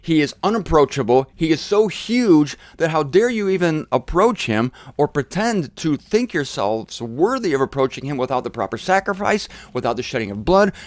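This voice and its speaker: A man hosting a Bible teaching show, preaching forcefully and repeating phrases for emphasis in a blunt, provocative way. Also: mid-range voice, no room sound.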